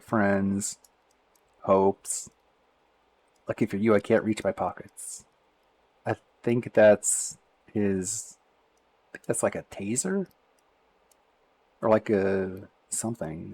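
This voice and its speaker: A lowish male voice with a sarcastic, mocking edge as he reacts to posts on a live stream. He keeps a casual commentary going and breaks into laughs between remarks. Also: darkish tone, low-quality recording.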